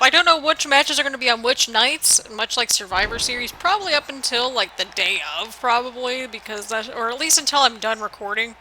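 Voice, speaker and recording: This American gaming channel host, whose accent combines northern, midwestern and southern features, narrates a video game in a chatty, meandering way. She talks a little fast with few pauses in a slightly high, bright, forceful voice, and the low-quality recording has some hiss or hum.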